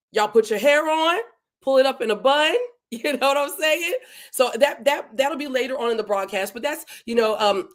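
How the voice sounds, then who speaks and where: A woman hosts a live-streamed podcast and greets her viewers in a gushing, repetitive way. Her voice sits a little high for a woman. She talks to the audience as if she is chatting with friends. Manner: warm, effusive, repetitive greetings. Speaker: podcast host. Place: home in Delaware.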